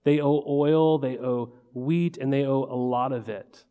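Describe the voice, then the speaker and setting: A man's voice: medium pitch, steady tone, a little slow, mellow, clean tone. A male pastor preaching a conversational sermon, often tossing rhetorical questions and "right?" to the congregation. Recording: long reverb of a large hall.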